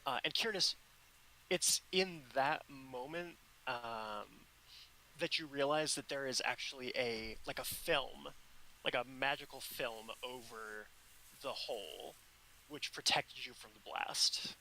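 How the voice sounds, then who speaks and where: Slow, bright-voiced male game master. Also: mid-range voice, a little hiss or hum, poor audio. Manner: unhurried, halting narration with many fillers. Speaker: dungeon master. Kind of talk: narrating a tabletop game.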